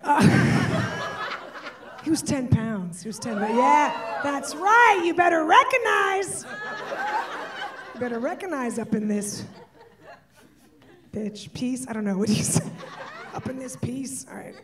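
High-voiced woman doing stand-up. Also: measured pace, long pauses, distant mic, a crowd in the background. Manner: bursts into shouting and laughing. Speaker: stand-up comedian. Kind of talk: stand-up comedy set. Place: stage before an audience.

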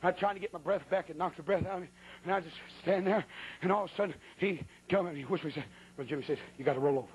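A man's voice: high-pitched, fast, slightly rough, poor audio. A man preaching a sermon who tells a funny story about his own misfortunes in a folksy, colloquial way with sudden exclamations.

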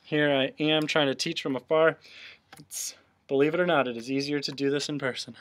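A man's voice: a little high, fairly even intonation, fairly quick, a bit bright, a little hiss or hum. A man teaching a remote cursive handwriting lesson, explaining each stroke patiently, step by step.

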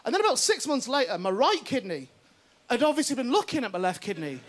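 A male comic does a stand-up set on a TV studio stage. His voice sits high and swoops a lot as he tells his story. He keeps checking in with the crowd. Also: quick pace. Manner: animated, self-mocking storytelling with frequent "right?". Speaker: stand-up comedian. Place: TV studio stage before an audience.

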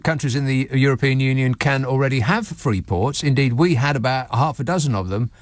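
Sardonic radio host, dry studio sound. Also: male voice, mid-range voice, a little fast, dry recording. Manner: sarcastic, mocking, lively asides. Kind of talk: sardonic talk radio monologue.

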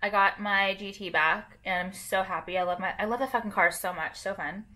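A woman's voice: medium pitch, fairly quick, sharp tone. A young woman vlogging casually to camera while doing her makeup, rambling with lots of fillers and casual swearing.

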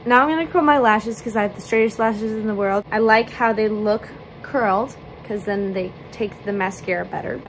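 A woman's voice: mid-range voice, normal speed, hardly any pauses, slight background noise, rough recording. A woman vlogger talking through a makeup challenge in a bubbly, playful way, with chatty asides.

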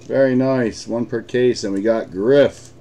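A man's voice: medium pitch, steady tone, unhurried, mellow. A man with an American accent hosting a live card break, chatting casually, swearing and laughing often.

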